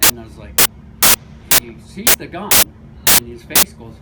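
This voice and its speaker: A man's voice: medium pitch, unhurried, recorded from a distance. A man telling a story to friends in a casual, profane way, acting out what people said. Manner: animated, profane, acts out quotes. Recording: loud background noise.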